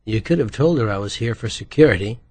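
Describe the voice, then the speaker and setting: A man's voice: fairly low pitch, animated, fast, darkish tone. A man voicing a witty, playful male writer who jokes wryly in an audiobook. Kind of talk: audiobook character voice.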